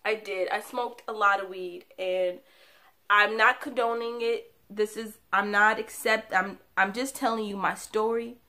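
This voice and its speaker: Bright-voiced woman confiding a personal story. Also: medium pitch, steady tone, a little slow. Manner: confiding and conversational, laughs between sad moments. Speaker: vlogger. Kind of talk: candid personal storytelling to camera.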